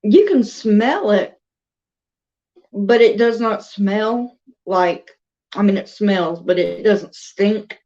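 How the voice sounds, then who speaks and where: A woman's voice: mid-range voice, slow, dark tone, muffled recording. A woman with a Southern US accent telling a rambling, chatty story in a casual vlog, with laughs between thoughts. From American South. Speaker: crochet and doll vlogger.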